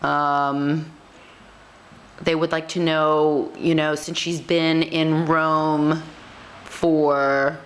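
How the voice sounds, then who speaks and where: Slow-talking woman coaxing her dog. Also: sits low, level tone. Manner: hesitant, full of ums, coaxing. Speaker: dog owner and playful interviewer. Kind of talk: casual home video chat.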